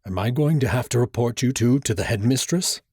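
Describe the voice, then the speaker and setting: A man's voice: mid-range voice, lively intonation, a little fast, a little mellow, slightly rough, dry recording, clean studio sound. A man voicing a stern male college professor who growls orders at students in an audiobook. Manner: growling, commanding.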